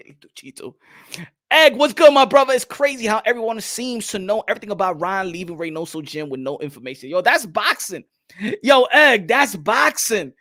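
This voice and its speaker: A man's voice: sits high, normal speed, no echo, clean studio sound. A man hosting a boxing talk show, chatting casually with livestream viewers in loose slang. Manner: animated, laughing, slangy.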